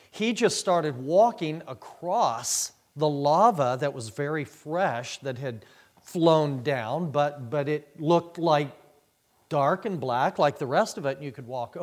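Slow-talking preacher man, high voice. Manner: slow storytelling, rising to loud emphatic preaching. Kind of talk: sermon with a personal story.

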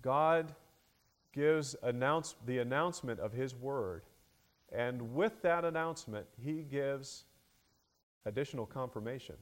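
A man preaching an expository sermon, measured and deliberate, with frequent fillers and rising emphasis on key words. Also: medium pitch.

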